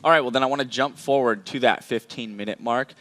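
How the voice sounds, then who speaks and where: Conversational esports interviewer. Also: male voice, medium pitch, a little fast, fairly bright tone. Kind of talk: post-match interview questions.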